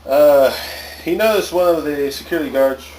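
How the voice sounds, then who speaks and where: A man's voice: on the high side, normal speed, darkish tone, roomy sound, far from the mic, a little hiss or hum, rough recording. A man casually reading a story aloud to friends, stumbling over words now and then. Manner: casual, stumbling, laughs often. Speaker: story reader. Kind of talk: joking comedic reading aloud.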